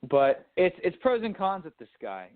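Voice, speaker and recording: With a high-pitched voice that swoops wildly, a young Dallas, Texas man talks sports and politics as co-host of a radio talk show, speaking at normal speed. His chat is rambling and casual, with frequent restarts mid-sentence, heard over phone-line quality audio.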